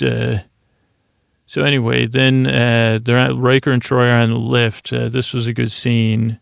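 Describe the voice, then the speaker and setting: A man's voice: medium pitch, level tone, measured pace, vocal fry, smooth, no room sound, clean studio sound. A man hosting a podcast, giving a sleepy recap of a TV episode in a rambling, meandering way with many fillers. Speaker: podcast host.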